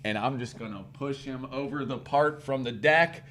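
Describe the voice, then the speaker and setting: A man's voice: mid-range voice, normal speed, a bit bright, a little hiss or hum. Profane St. man telling a story. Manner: profane, rambling anecdote with acted-out quotes. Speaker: podcast co-host. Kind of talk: casual storytelling chat.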